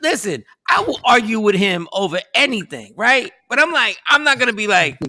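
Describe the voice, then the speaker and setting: Guy hosting a morning show, bright gravelly voice, bouncing all over, telling stories. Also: high-pitched, brisk, few pauses, dry recording. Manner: animated, storytelling, playful ranting. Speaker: show host. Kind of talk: casual morning show chat.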